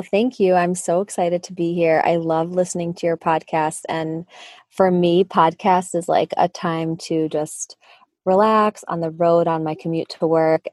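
A woman's voice: on the low side, darkish tone, dry recording. A woman in her thirties from Michigan with a Midwestern accent, a dermatologist guest on a podcast, talking in an earnest, explanatory way. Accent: Midwestern American. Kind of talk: podcast interview.

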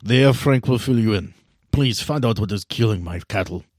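A man voicing a commanding vampire lord who speaks in a formal, measured way. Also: fairly low pitch, a little mellow, no echo, clean studio sound, natural voice. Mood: grave.

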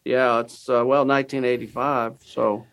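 Man, 60s, Texan accent, gravelly, interview guest, animated storyteller. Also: mid-range voice, moderate pace. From Texas. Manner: animated storyteller acting out quoted dialogue.

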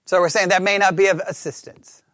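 A man teaching a Bible class, thinking out loud and checking in with listeners often for agreement. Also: high-pitched, fairly even intonation, a little fast, no echo, studio quality. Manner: talks through ideas out loud with restarts.

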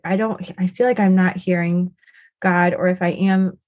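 A woman's voice: fairly low pitch, steady tone, normal speed, a little mellow, dull audio. Chatty mother rambling with many fillers. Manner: rambling, full of "like" and "you know". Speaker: guest. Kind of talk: casual podcast conversation.

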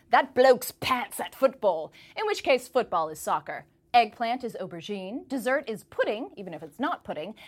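An American woman correspondent reads a comic commentary in a put-on English accent, teasing and mock-posh. Her voice sits on the high side for a woman and swings widely in pitch, bouncing from line to line. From United States. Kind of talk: humorous scripted commentary.

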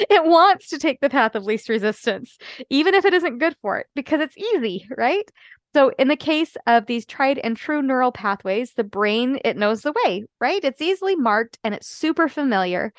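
A woman life coach talks through her podcast in an earnest, explanatory way, often pausing to check in with her listeners. Her voice sits a little high for a woman. The sound is close and dry, with no room around it. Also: no room sound. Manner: earnest, explanatory, frequent "right?" asides. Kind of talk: solo podcast talk.

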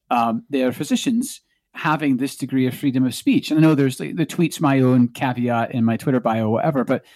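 A man's voice: medium pitch, darkish tone, no echo. A man with a Scottish accent, a doctor chatting as a guest on a podcast. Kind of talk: casual podcast chat.

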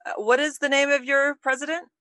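A woman's voice: high voice, flat delivery, brisk, sharp tone, no room sound. A woman hosting a podcast, talking in a casual, effusive and chatty way with her guest. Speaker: podcast host. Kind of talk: casual interview chat.

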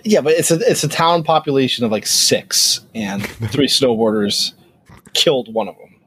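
A man's voice: mid-range voice, expressive, normal speed, fairly bright tone, slight background noise. A man co-hosting a podcast in casual chat, joking and chiming in about a movie on a close mic. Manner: joking, laid-back, chiming in. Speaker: podcast co-host. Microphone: close studio mic.

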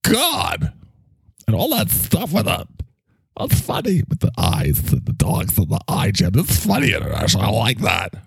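A man's voice: on the low side, wildly swooping pitch, normal speed, gravelly, husky, no echo, full character voice. A man voicing a talking microphone, a dramatic and self-pitying co-host who lectures him. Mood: melodramatic.

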